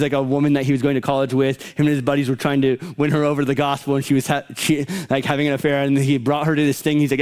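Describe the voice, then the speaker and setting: A man's voice: medium pitch, a little mellow, clear, resonant tone. A man, a pastor, giving a casual, conversational sermon to young adults, rambling with many fillers.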